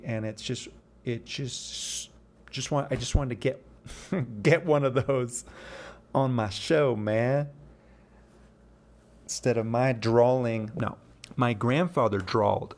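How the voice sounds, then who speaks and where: A man's voice: medium pitch, slow pace, long pauses. A man in his fifties hosting a poetry show, talking in a casual, rambling way and often correcting himself mid-sentence. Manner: rambling, with frequent self-corrections and restarts. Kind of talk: casual solo monologue.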